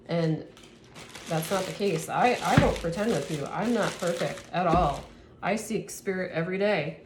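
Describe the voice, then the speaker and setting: A woman's voice: on the low side, slight background noise. Emotional woman giving a tarot reading. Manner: earnest, emotional, laughs often; rambling with restarts. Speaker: tarot reader. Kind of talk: spiritual tarot reading to camera.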